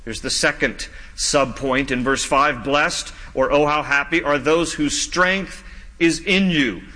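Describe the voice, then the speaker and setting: A man preaching a sermon as pastor, earnest, slowing down whenever he reads scripture aloud. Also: a little high, bright, forceful tone. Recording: long reverb of a large hall.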